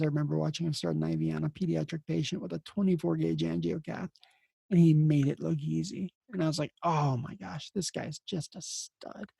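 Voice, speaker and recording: Gravelly-voiced man telling nurse stories. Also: on the high side, mellow, no room sound. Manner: rambling with many restarts. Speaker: podcast host and emergency nurse. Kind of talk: casual storytelling.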